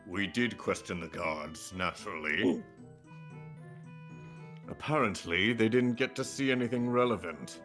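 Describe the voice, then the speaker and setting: A man voicing a fawning villainous prosecutor who flatters the princess with smooth courtroom speech. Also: on the low side, a little slow, pauses often, soft background music. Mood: pompous. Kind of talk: voicing a character in a game playthrough.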